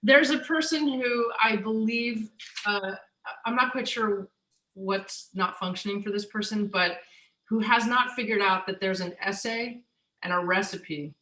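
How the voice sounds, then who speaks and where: Animated woman chef, bright echoey voice. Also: mid-range voice, unhurried. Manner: animated, joking, laughs often, trails off and restarts. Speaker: chef and author, guest. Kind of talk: casual conversation on stage.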